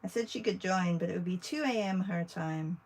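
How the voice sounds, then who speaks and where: A woman's voice: fairly low pitch, normal speed, darkish tone, low-quality recording. A woman art teacher chatting casually with viewers while she draws, thinking aloud as she works. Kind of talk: casual livestream drawing demo.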